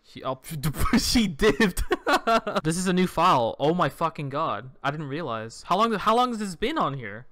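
A man's voice: fairly high pitch, measured pace. A young man playing a visual novel, reading its text aloud and breaking off into sudden, profane outbursts of surprise. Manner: excitable, swears a lot, reads game text aloud then reacts with sudden shouts. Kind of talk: let's play commentary.

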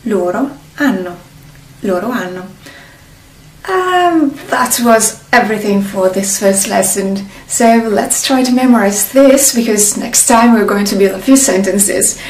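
Slow Northern Italian woman teaching. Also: fairly high pitch, lively intonation, a little mellow, echoey room, recorded from a distance, slight background noise, poor audio. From northern Italy. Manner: slow and deliberate, drilling words with pauses. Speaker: language teacher. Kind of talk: slow spoken language lesson.

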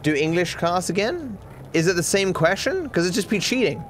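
Aussie guy streaming a game, bouncy lively voice, kinda high, cracking sarcastic jokes and swearing, faint game music behind. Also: normal speed, a little hiss or hum. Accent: Australian. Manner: joking, sarcastic, swears casually. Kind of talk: live gameplay commentary.

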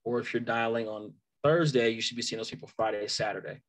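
A man's voice: mid-range voice, fast. A man giving a casual sales training talk, laid-back and laughing between points. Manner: animated storytelling.

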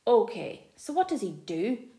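A woman's voice: fairly high pitch, sing-song, a little slow, mellow, reverberant. A woman voicing a bossy schoolboy organiser who talks in a curt, snarling way.

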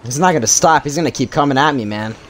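A young man commenting on his gameplay with loud, panicky, swearing outbursts. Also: mid-range voice, expressive, fast talker, a little hiss or hum. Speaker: gamer streamer.

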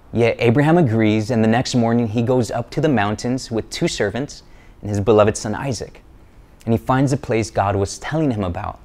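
A man's voice: mid-range voice, warm tone. Earnest, joking man preaching. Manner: earnest and emphatic, with playful jokes. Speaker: church speaker. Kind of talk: sermon-style teaching video.

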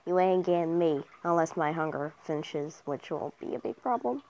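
A young woman narrates her mobile game in an excitable, casual way, cheering herself on and teasing the other players. Her voice sits a little low, and the recording sounds dull and lo-fi, as if it came from a phone mic. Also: moderate pace. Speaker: gamer commentator. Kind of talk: casual gameplay commentary.

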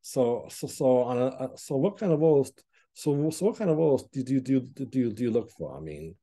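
A man hosting a podcast interview, talking haltingly and repeating words as he feels his way into questions. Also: mid-range voice, lively intonation, mellow. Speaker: podcast host. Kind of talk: casual interview conversation.

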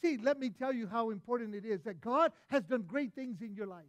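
A man preaching a sermon as pastor, retelling a parable and acting out its voices with animated delivery. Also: extremely high pitch, a little fast, no room sound.

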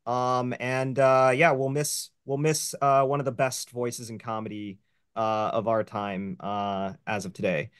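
A man's voice: medium pitch, level tone, measured pace, a bit bright, clear, resonant tone, no echo, clean studio sound. A man hosting a casual film review show over a video call, rambling with plenty of fillers. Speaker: host.

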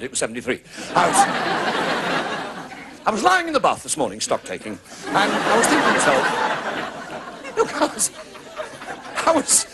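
A man with a Northern English accent doing a stand-up comedy routine in rapid, excitable patter. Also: gravelly, heavy background noise. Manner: rapid, excitable patter with big pitch swings. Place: TV studio with live audience. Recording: 1980s TV broadcast, loud audience laughter.

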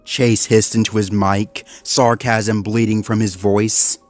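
A man narrating a dark fan story in a steady, measured reading. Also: fairly low pitch, dry recording, faint music behind.

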